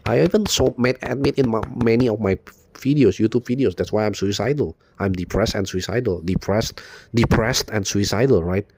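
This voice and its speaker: A man's voice: fairly low pitch, a little fast, darkish tone, slightly rough, no echo. A man giving an unscripted video monologue, rambling and profane, repeating "you know" constantly in a bitter tone. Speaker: video blogger.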